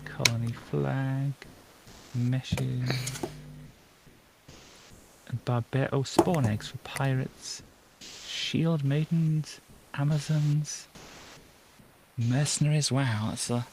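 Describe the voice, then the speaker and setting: A woman's voice: rumbling low, fairly even intonation, very slow, gravelly, long pauses, noisy background. A woman streaming a game, chatting casually and giggling as she reads item names aloud. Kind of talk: casual gameplay chat.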